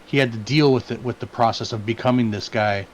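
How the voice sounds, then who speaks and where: A man's voice: medium pitch, a little fast. An easygoing man chatting about movies on a podcast, agreeing often and restarting his sentences. His mic sounds dull and lo-fi, with a faint hiss behind him. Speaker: podcast co-host. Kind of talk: casual movie review chat.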